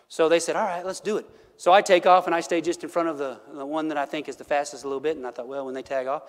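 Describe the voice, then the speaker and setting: A man's voice: on the high side, fairly even intonation, very fast. A middle-aged male pastor preaching a sermon, telling folksy stories, laughing often and checking in with "right?". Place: church sanctuary. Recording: church hall reverb.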